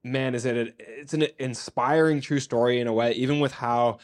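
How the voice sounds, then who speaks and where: A man's voice: medium pitch, fairly even intonation, a little fast. Enthusiastic young man reviewing films. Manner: enthusiastic, laughs often, many fillers. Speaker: podcast co-host. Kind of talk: casual movie review chat.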